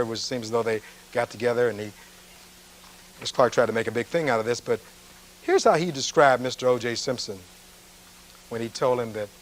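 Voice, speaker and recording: A man's voice: mid-range voice, a little hiss or hum, rough recording. Man giving a courtroom closing argument. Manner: reads testimony aloud, then asks pointed rhetorical questions. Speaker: defense attorney.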